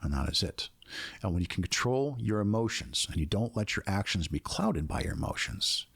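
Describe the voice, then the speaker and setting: A man with a very low voice talks through ideas in an earnest, reflective way, as a guest in a casual podcast chat. The sound is dry and close, with no room around it. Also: very animated, moderate pace, vocal fry, a bit bright, breathy edge, no room sound. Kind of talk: casual conversation.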